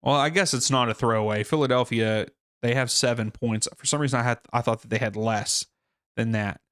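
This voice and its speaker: A man's voice: mid-range voice, a little fast, a bit bright, smooth, dry recording, studio quality. Rambling man hosting a soccer watchalong. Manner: rambling, thinking aloud with fillers and restarts. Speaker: livestream watchalong host. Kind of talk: casual live soccer watchalong chat.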